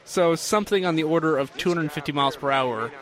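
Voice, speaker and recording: A man's voice: a little high, fast talker, fairly bright tone. A man chatting casually, explaining and reading out song lyrics in a dry way. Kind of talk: casual chat, reacting to a song.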